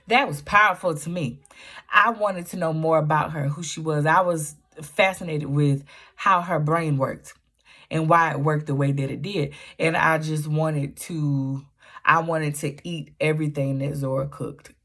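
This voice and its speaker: Low-voiced woman, animated vlog chat. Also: unhurried. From Southern US. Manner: animated storytelling with Southern Black vernacular. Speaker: book vlogger.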